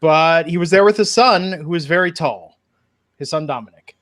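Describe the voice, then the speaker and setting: Higher-voiced man recapping a show. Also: moderate pace, fairly bright tone. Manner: recaps events, asks the panel questions. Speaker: podcast co-host. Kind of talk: casual podcast chat.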